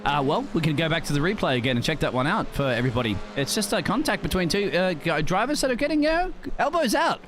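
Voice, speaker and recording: A man giving color commentary on a sim race, calmly explaining and asking questions. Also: a little high, quick pace, few pauses, a little hiss or hum.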